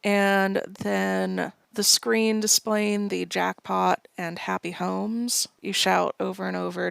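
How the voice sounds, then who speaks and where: A woman's voice: mid-range voice, little pitch movement, takes it slowly, vocal fry, smooth, dry recording, studio quality. A woman co-hosting a podcast, playfully reading out a list of audience callback lines in casual chat. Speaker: podcast co-host.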